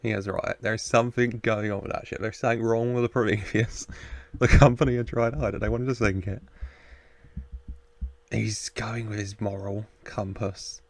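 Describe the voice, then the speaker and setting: A man's voice: on the low side, steady tone, moderate pace, gravelly. A man hosting a reaction video, chatting casually, laughing often and talking back to the screen.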